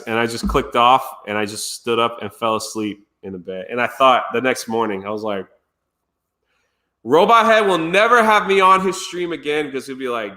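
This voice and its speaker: A man's voice: medium pitch, lively intonation, normal speed, bright, forceful tone. A man streamer telling a story casually and animatedly, laughing and acting out quotes. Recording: roomy echo.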